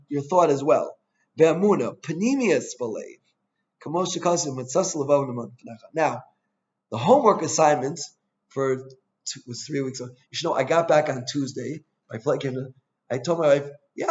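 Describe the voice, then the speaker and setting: A man, a rabbi, giving an informal Torah class in a chatty, anecdotal way with quick asides. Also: a little high, animated. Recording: dull lo-fi sound.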